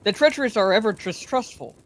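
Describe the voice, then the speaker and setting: A woman's voice: mid-range voice, expressive, brisk, lightly acted. A woman reading aloud, voicing an old male wizard who speaks sternly and with authority. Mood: weary. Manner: stern and commanding.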